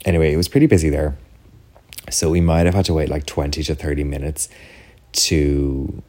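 An Irish man with an extremely deep voice, talking casually on his own podcast. He rambles on, dropping "like" into most sentences and checking in with "do you know what I mean". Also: fairly even intonation, moderate pace, darkish tone. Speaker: podcast host. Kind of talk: casual solo chat.

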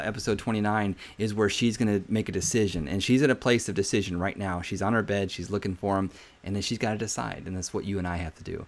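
A man hosting a devotional podcast, preaching informally in an earnest, exhorting way, repeating phrases for emphasis and often saying "man". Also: lowish voice. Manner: conversational, often says "man". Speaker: podcast host giving a devotional.

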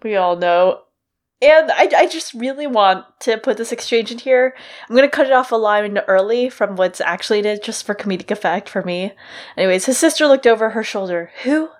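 A woman's voice: mid-range voice, fairly quick. A woman co-hosting a casual book-discussion podcast, playful and laughing as she paraphrases characters. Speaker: podcast co-host.

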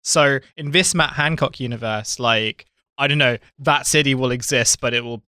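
A man's voice: medium pitch, moderate pace, pushed and bright, no echo, clean studio sound. A man co-hosting a comedic podcast, rambling through tangents with plenty of fillers.

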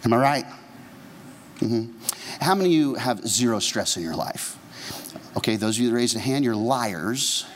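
A man's voice: medium pitch, expressive, moderate pace, long pauses, a little hiss or hum. A man, a pastor, preaching a humorous, conversational sermon and asking the congregation questions. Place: church sanctuary. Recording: long church reverb.

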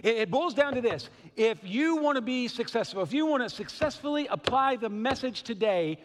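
Speaking in a large hall, this middle-aged Southern pastor from the Western Kentucky and Southern Illinois area has a very high-pitched, expressive voice and a moderate pace. His sermon is earnest and conversational, sprinkled with asides.

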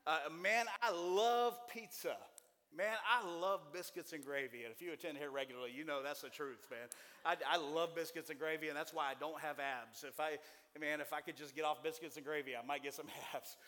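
A man in his forties preaching a sermon to a church congregation, folksy and joking, with animated delivery. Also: fairly high pitch, quick pace, long reverb tail. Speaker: pastor.

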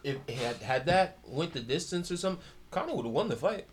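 A man's voice: on the high side, expressive, fast, slight background noise. A man co-hosting a casual sports podcast, chiming in with crude joking remarks.

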